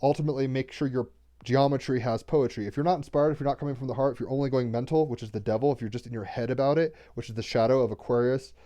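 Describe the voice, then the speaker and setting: A man's voice: mid-range voice, steady tone, fast, warm tone. A man doing a daily tarot card reading in a loose, rambling way, often restarting words and cursing casually.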